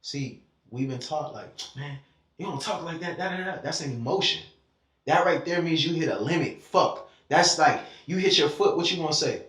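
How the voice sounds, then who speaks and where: Animated, emotional man in an echoey room. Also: fairly high pitch, moderate pace. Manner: emotional and animated, swears freely, talks in spurts. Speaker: podcast conversation participant. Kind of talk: casual conversation. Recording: echoey room, mic at a distance.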